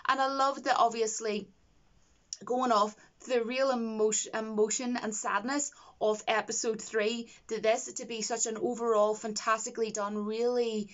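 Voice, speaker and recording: Gushing woman, somewhat high voice. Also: little pitch movement, normal speed, dull audio. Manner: enthusiastic, rambling, gushing with praise. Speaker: TV episode reviewer. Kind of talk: casual video review.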